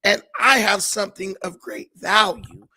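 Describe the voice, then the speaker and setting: A man's voice: high-pitched, unhurried, bright, forceful tone, breathy edge, full character voice. A man voicing a boastful male bee guarding his honey, with a swaggering, streetwise manner. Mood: pleading.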